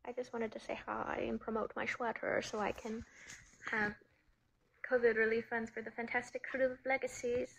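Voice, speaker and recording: A woman chatting casually on a phone livestream, greeting viewers and reading their comments aloud in a breezy way, quick to laugh. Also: on the high side, little pitch movement, gravelly, a little hiss or hum, poor audio. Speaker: actress hosting a livestream.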